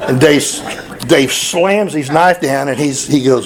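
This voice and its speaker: A man speaking at a memorial celebration, telling folksy hunting stories with chuckles and halting restarts. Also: on the high side, rough recording. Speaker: eulogy speaker. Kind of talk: storytelling at a memorial. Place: memorial gathering hall.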